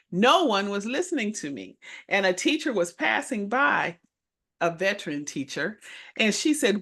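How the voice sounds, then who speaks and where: A middle-aged woman telling stories with a bright, forceful tone. She co-hosts a casual chat and acts out the people in her stories with lively character voices. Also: mid-range voice, moderate pace. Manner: animated storyteller who acts out voices. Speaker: co-host and minister.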